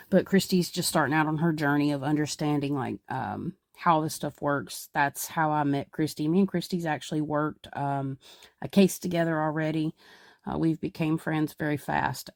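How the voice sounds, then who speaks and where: Young woman medium hosting a podcast, gravelly fry all through, rambly chatty explaining. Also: deep voice, a little mellow, no echo, studio quality. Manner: rambling, filler-heavy explaining. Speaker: podcast host and psychic medium. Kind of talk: casual podcast narration.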